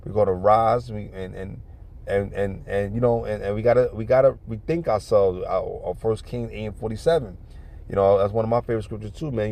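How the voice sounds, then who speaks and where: A man's voice: on the low side, warm tone. A man telling a neighborhood story in casual, profane street talk, then urging listeners toward faith, peppering every line with "man" and "you know what I'm saying.". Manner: earnest religious exhortation. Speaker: vlogger giving life advice.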